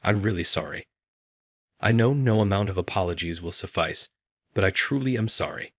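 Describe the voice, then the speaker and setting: An older company president speaks with earnest remorse in a storybook narration, voiced plainly by a man. The voice sits very low and sounds dry and close, with no room around it. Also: expressive, normal speed, no echo. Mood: remorseful.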